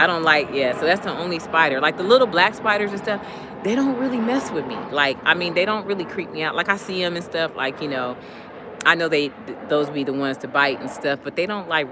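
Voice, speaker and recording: A woman telling stories casually to her live chat, animated and laughing often. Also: a little fast, noisy background. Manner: animated, laughs often, jumps high when retelling. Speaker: live streamer chatting with viewers.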